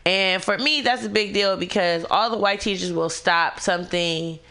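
A woman's voice: on the low side, moderate pace, sharp tone. A young woman co-hosting a radio talk show, chatting candidly and animatedly in slangy, casual speech. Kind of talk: casual chat.

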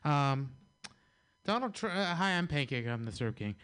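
A man delivers a stand-up set, his pitch rising and falling a lot. He tells his jokes dryly. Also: sing-song, normal speed, fairly bright tone, clean tone. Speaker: stand-up comedian.

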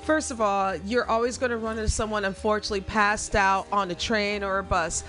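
A woman's voice: mid-range voice, steady tone, a little fast, a bit bright, faint music behind. Frank, swearing woman in casual talk. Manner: frank and loose, swears freely and leans on "you know". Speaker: radio show co-host. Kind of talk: casual chat.

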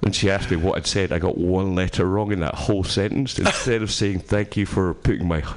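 A man's voice: low-pitched, brisk. A middle-aged Scottish man telling a long story in casual chat, swearing freely and laughing as he goes. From Scotland. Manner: swears freely, laughs through his stories. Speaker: radio show host.

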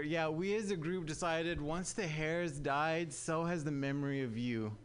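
A man's voice: fairly high pitch, a little slow, hardly any pauses. A young man from Southern California performing a stand-up comedy set, talking wryly and conversationally to a live audience. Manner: conversational, wry, addresses audience as guys.

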